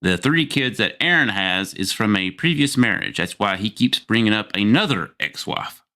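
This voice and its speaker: A man's voice: lowish voice, expressive, normal speed, sharp tone. A man hosting a live call-in show, giving blunt and crude commentary.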